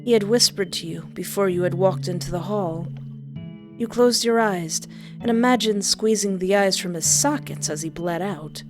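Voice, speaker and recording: A woman's voice: medium pitch, moderate pace. A woman reading a second-person story aloud and breaking off with playful comments of her own. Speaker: story reader. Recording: background music under voice.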